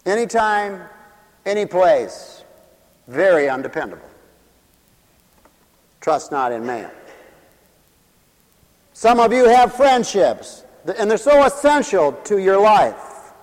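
A man preaching a comic, theatrical sermon, dropping to hushed asides and then shouting as he acts out little scenes. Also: high voice, big pitch swings, takes it slowly, pauses often, long reverb tail.

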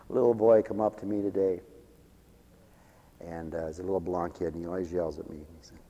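A male pastor preaching a radio sermon, impassioned and swinging from hushed tones to loud peaks, chuckling between points. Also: sits low, fairly even intonation, moderate pace, pauses often, in a large hall, highs cut off.

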